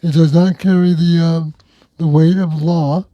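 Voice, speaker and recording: A man's voice: fairly high pitch, flat delivery, a little slow, warm tone, no echo, lo-fi sound. A man hosting a local talk radio show, reading news items in a conversational, wry way.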